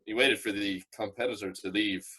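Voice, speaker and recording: A man chatting as a podcast guest, an animated storyteller who often laughs. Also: fairly low pitch, brisk, husky. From Ireland. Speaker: guest, traditional musician. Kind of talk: casual podcast chat.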